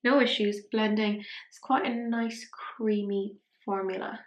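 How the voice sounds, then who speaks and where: A woman's voice: mid-range voice, steady tone, unhurried, roomy sound. A young woman chatting casually through a makeup tutorial, self-mocking, sometimes dropping to a whisper as she works. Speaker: beauty vlogger.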